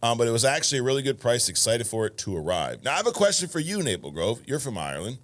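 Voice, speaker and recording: A man's voice: mid-range voice, big pitch swings, fast. A man in his thirties from the United States co-hosting a podcast, reading viewer comments in a casual, laid-back way and swearing freely. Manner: laid-back, swears freely, calls people bro and dude. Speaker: podcast co-host.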